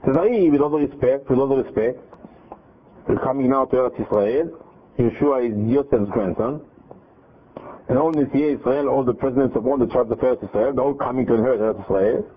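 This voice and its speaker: A man's voice: medium pitch, fairly quick, slightly rough. Man retelling a Torah story over phone. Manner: animated retelling with quoted dialogue and restarts. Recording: tinny phone-line audio.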